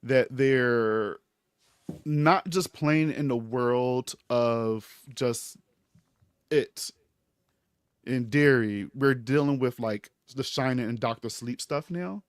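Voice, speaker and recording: A man's voice: medium pitch, takes it slowly, smooth, no room sound. A man co-hosting a laid-back TV review chat. His mid-range voice is easygoing, and his sentences often fade to a mumble. The sound is dry and close. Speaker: podcast co-host.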